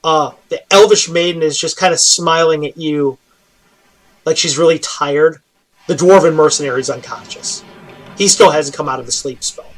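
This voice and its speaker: A man's voice: on the high side, normal speed, poor audio. A man narrating a tabletop role-playing game as game master, casual and full of fillers.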